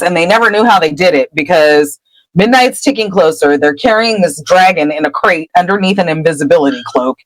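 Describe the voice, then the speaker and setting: A woman's voice: fairly low pitch, fairly quick, no room sound, low-quality recording. A woman podcast host casually recapping a book chapter, laughing and popping into character voices. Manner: animated, laughing storyteller.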